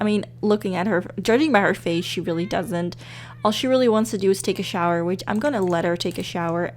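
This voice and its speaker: A young woman giving casual, excitable let's-play commentary with lots of fillers, talking into a desk microphone. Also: mid-range voice. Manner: chatty, excitable, many fillers. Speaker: gaming YouTuber.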